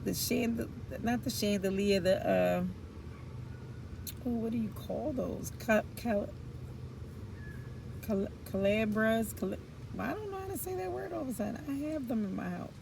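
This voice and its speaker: A woman's voice: a little high, unhurried, gravelly, long pauses, noisy background. A woman giving a casual tarot reading, chatty and blunt, with frank slang and the odd swear. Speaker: tarot reader.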